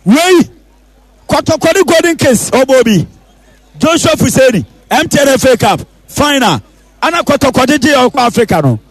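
A man with a Ghanaian accent commentating a football penalty shootout, calling out and repeating the players' names with excitement. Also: very high voice, a little slow, breathy edge, no room sound, low-quality recording.

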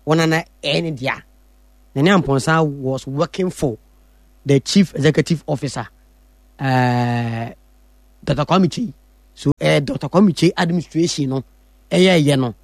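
A man with a Ghanaian accent delivers a football update on the radio, pausing often and filling the gaps. His voice is a little high, and the sound is dry and close. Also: no echo. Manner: hesitant, many fillers.

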